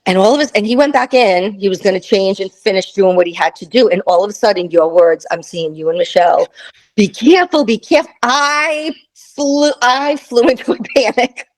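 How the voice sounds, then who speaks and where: A woman in her fifties, a guest, telling a travel story in casual chat, animated and laughing, acting out the voices of people in it. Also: medium pitch, normal speed, low-quality recording. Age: 50s.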